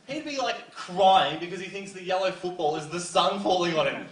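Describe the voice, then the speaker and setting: A man's voice: high voice, expressive, normal speed, fairly bright tone, far from the mic. A teenage man doing a rambling, self-deprecating stand-up set full of fillers. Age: teens. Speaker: stand-up comedian. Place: school comedy stage before a live audience. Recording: echoey hall from afar, crowd laughing. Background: audience laughter.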